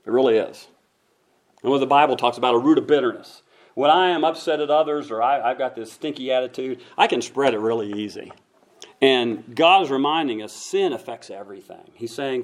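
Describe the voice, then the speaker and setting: A man's voice: mid-range voice, fairly quick. A man preaching a conversational sermon to his congregation, acting out voices now and then. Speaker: pastor.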